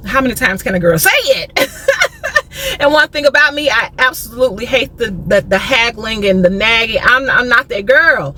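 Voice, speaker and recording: A young American woman vlogger telling a story in a sassy, animated way, acting out what people said. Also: a little high, normal speed, slight background noise. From United States. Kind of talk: storytime vlog.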